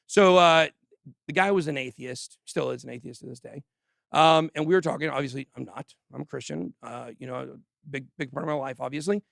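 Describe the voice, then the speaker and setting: A man hosts a crypto livestream from a studio, giving casual commentary in an animated, joking way and talking straight to his viewers. His voice sits a little high with a gravelly edge. The sound is dry and close. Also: brisk, no room sound. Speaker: crypto channel host.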